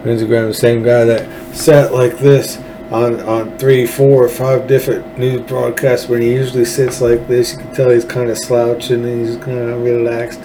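A man's voice: medium pitch, little pitch movement, moderate pace, background noise. A man from Texas hosting a solo political show, ranting in a blunt, profane and sarcastic way. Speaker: political talk show host.

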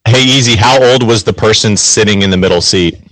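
A man's voice: fairly low pitch, a little fast, crowd noise, poor audio. A man chatting casually on a podcast, rambling and leaning on filler words. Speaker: show regular. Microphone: home computer mic.

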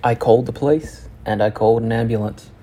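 Young guy, rough husky voice, halting and sweary, lots of restarts telling his story. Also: medium pitch, fairly even intonation, warm tone. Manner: halting, frank and profane, with many restarts. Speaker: channel host. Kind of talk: personal storytelling.

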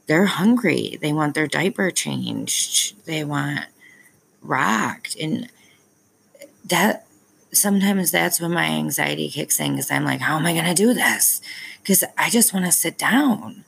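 A woman's voice: low voice, big pitch swings, takes it slowly, vocal fry, a bit bright, slight background noise, poor audio. A young woman, a parent, talking candidly to her viewers in a rambling vlog, with plenty of ums and self-aware asides. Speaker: parent vlogger.

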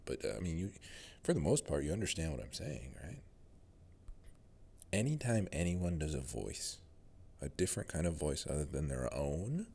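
A man's voice: deep voice, gravelly, a little mellow, slightly rough. A man with a General American accent, rambling through a casual solo monologue as a podcast host. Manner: rambling, musing, many fillers and restarts.

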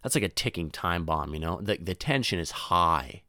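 Young man, comic storyteller: lively pitch, low-set voice, dry sound, loose and profane. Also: moderate pace, dry recording. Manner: swears a lot, lots of "dude" and "you know", restarts, bursts into high voices for quotes. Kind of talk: rambling comedic storytelling.

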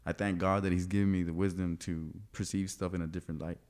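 A man's voice: deep voice, level tone, fast, a little mellow. A young man in casual conversation, animatedly telling a personal story, laughing often and acting out what people said.

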